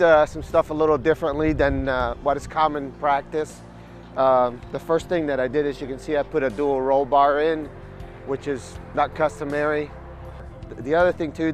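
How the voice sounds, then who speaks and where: A man describing the engine work on his car, plainly and with many pauses. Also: mid-range voice. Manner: plain, hesitant with fillers. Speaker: car owner. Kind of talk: casual explanation.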